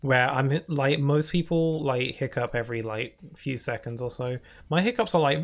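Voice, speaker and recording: A man's voice: medium pitch, normal speed. A man chatting casually while live-streaming a game, rambling on with many fillers at a desk microphone.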